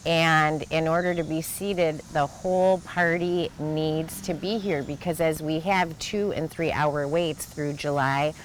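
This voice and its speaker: A woman's voice: deep voice, fairly even intonation, measured pace, hardly any pauses, low-quality recording. A woman chatting casually, mostly giving brief, agreeable replies and explaining how things work. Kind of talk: casual chat. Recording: faint background noise.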